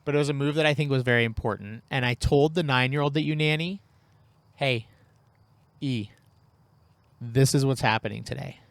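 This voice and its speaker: A man co-hosting a podcast, telling a story in a relaxed, chatty way and acting out the lines he quotes. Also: mid-range voice, normal speed, long pauses, no echo. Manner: animated, acts out quoted lines. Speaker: podcast co-host. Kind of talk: casual storytelling chat.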